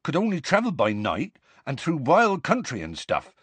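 A man voicing a huge, gentle half-giant who talks earnestly and desperately with rustic grammar, in an audiobook. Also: fairly high pitch, wildly swooping pitch, moderate pace, husky, no echo, voice pushed up, exaggerated voice. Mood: anxious, explaining. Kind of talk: audiobook character voice.

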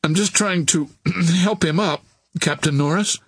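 A man reading an audiobook voices an emotional young heiress in a high, raised voice. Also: animated, moderate pace, breathy edge. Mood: earnest. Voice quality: raised falsetto-like voice. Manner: earnest and emotional. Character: young woman, a wealthy heiress, tender. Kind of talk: audiobook character voice.

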